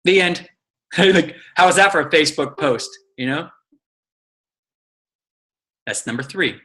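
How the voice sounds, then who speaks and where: A man coaching his team in casual, energetic talk, telling stories, acting out quotes and swearing freely. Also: fairly high pitch, a little slow, poor audio. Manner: energetic, profane, storytelling with acted quotes. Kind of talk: casual motivational teaching.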